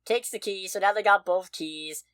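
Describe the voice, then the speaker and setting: A woman co-hosting a podcast, reviewing a movie in casual chat, expressive and swearing freely. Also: medium pitch, normal speed, dry recording. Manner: expressive, swears freely, loud outbursts of frustration. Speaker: podcast co-host.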